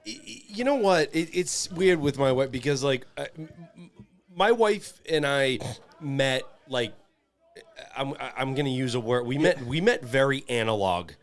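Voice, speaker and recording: A man co-hosting a podcast, chatting casually with halting, stammering restarts in a podcast studio. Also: mid-range voice, expressive. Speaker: podcast co-host. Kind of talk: casual chat.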